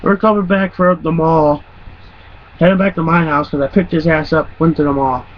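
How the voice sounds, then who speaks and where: A man's voice: fairly high pitch, fairly even intonation, normal speed. A man around twenty telling stories in a casual, rambling and profane way, often laughing. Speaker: vlogger. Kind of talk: casual storytelling. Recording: muffled lo-fi recording with faint hum.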